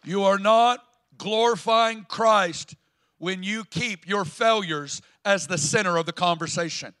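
A man with a Southern US accent preaching a sermon as pastor in a church, emphatic and building to loud declarations. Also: high voice, a little slow, clean tone. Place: church sanctuary.

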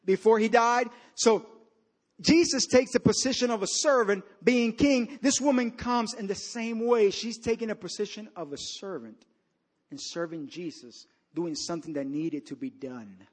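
A man with a high voice delivers a sermon as a storytelling preacher. He moves between loud, emphatic bursts and low, hushed stretches. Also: moderate pace, slightly rough. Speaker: pastor.

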